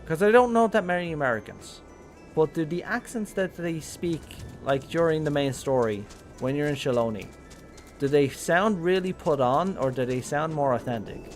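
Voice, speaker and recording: A man's voice: a little high, animated, moderate pace, soft background music. Chatty Irish man streaming a game. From Ireland. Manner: chatty, rambling, thinking aloud with many ums. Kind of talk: casual live-stream gameplay commentary.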